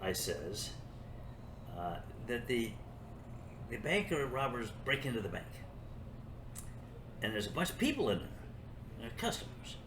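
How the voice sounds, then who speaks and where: A man's voice: mid-range voice, big pitch swings, measured pace, long pauses, echoey room, noisy background. An older man hosting his own show, talking in a sarcastic, rambling monologue that sometimes turns into talking to himself. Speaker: show host. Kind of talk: opinion monologue.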